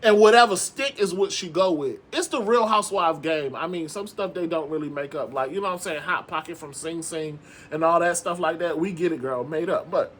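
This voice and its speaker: A man hosting a reality TV recap, talking in a sassy, animated way, calling his viewers "girl" and swearing often. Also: a little high, a little fast, hardly any pauses, slightly rough. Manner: frequent profanity and emphatic repetition. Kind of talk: casual commentary.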